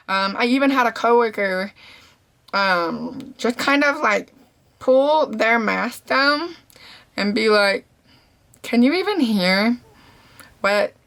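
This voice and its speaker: A young deaf woman chatting casually to camera, telling stories in a slangy, animated way and acting out what people said. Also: medium pitch. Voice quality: deaf speaker's voice. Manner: animated storytelling, slangy, acts out quotes. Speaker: vlogger. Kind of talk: casual talking-to-camera recap.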